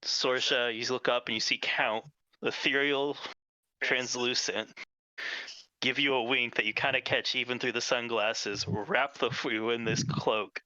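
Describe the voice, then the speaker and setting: A man's voice: medium pitch, bright, forceful tone, dry recording, poor audio. A man running a tabletop game as game master, describing scenes and calling for dice rolls.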